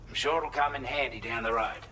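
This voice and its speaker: Give me a man voicing an upbeat Australian game technician with a bright, forceful voice, briefing a courier. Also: medium pitch, steady tone, a little fast, natural voice, low-quality recording. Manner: upbeat, matter-of-fact briefing. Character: friendly adult male shelter tech briefing a courier. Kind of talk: video game dialogue.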